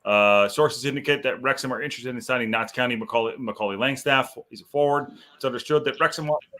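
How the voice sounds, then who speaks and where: A man's voice: medium pitch, fast talker, sharp tone. A man hosting a live football podcast, chatting loosely and reading articles aloud with rambling asides. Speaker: podcast host. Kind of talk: live-stream podcast chat.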